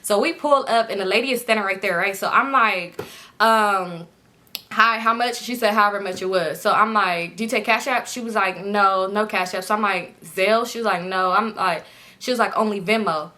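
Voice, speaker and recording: A young woman telling a casual storytime to her viewers, animated and slangy, often breaking into laughter. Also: medium pitch, normal speed.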